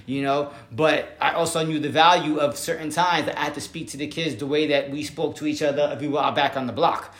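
A middle-aged man, a former teacher, telling stories in a relaxed, casual way with lots of "you know" fillers. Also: fairly high pitch, fairly quick, hardly any pauses. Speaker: former teacher and assistant principal. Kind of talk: casual conversational storytelling. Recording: roomy echo.

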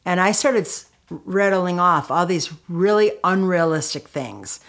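A middle-aged woman speaks as an interview guest, her voice sitting slightly low. She tells her own story candidly and with feeling. She leans on fillers and often restarts her sentences. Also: expressive, measured pace, a bit bright. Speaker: guest, author and anti-violence activist. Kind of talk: conversational storytelling.

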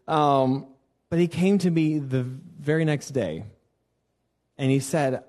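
A man's voice: fairly high pitch, unhurried. A man preaching a conversational sermon as a worship pastor, telling stories and acting out the voices of the people he quotes. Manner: animated storytelling, acts out quoted voices. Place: church sanctuary.

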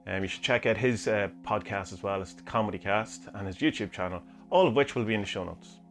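A man's voice: fairly low pitch, brisk, a bit bright, soft background music. A man hosting a podcast, musing aloud through listener questions in a rambling way with many hesitations. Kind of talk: casual chat reading omens from books.

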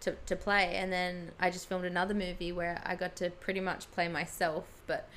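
A woman's voice: lowish voice, level tone, normal speed, a bit bright. A young Australian woman, an actress, chatting about her work and laughing often as she tells stories. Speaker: actress guest. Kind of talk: casual chat. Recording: faint background noise.

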